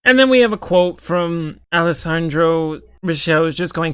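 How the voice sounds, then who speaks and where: A man's voice: on the high side, animated, normal speed, fairly bright tone, clean tone, dry recording. A young man giving a sarcastic, profane, exasperated running commentary as an online commentator. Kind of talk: ranting commentary.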